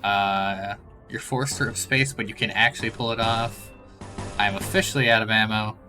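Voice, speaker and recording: A man's voice: on the low side, fairly even intonation, moderate pace, pushed and bright, faint music behind. A man giving casual live commentary while playing a video game, thinking aloud as he goes. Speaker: game streamer.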